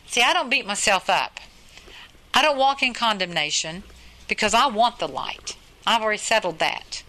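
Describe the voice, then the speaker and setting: A woman's voice: medium pitch, animated, normal speed, pushed and bright, poor audio. A woman preaching a sermon in an earnest, emphatic way, often repeating her phrases.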